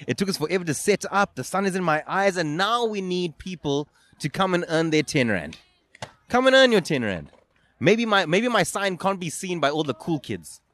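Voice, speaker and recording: A man's voice: high voice, animated, normal speed, few pauses, fairly bright tone. A man hosting a casual street interview podcast at an outdoor skate park, teasing his guest and rambling with frequent restarts into a handheld mic. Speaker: podcast host. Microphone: handheld microphone.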